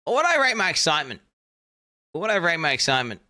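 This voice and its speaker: A man's voice: a little high, very animated, fast, bright, forceful tone. A young man streaming live, reacting to a game announcement, thinking aloud, repeating himself and swearing casually.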